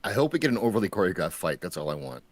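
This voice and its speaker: A man's voice: low voice, big pitch swings, very fast, no echo. A man making dry, sarcastic remarks in a casual watch-party chat.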